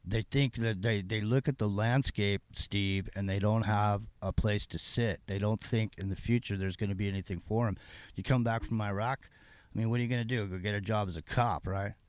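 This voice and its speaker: A man's voice: on the low side, steady tone, normal speed, clean tone, no echo. A man co-hosting a late-night political talk show, ranting and often restarting his sentences. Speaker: podcast co-host.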